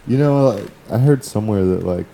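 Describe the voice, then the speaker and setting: A man's voice: fairly low pitch, expressive, moderate pace, vocal fry, dark tone, slight background noise, poor audio. A man co-hosting a podcast, chatting loosely and joking with plenty of swearing. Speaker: podcast co-host. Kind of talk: casual chat.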